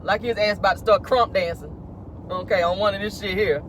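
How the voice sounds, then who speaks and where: A man hosting a casual celebrity gossip vlog from his car, talking with animated, laughing, playful sass. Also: high voice, brisk, slight background noise. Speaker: host.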